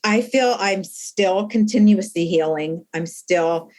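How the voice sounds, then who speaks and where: Blunt, animated woman guest with a mid-range voice, telling stories in an interview. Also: mid-range voice, takes it slowly. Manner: blunt, animated storyteller who acts out quotes. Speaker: guest, formerly incarcerated re-entry activist. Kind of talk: conversational podcast interview.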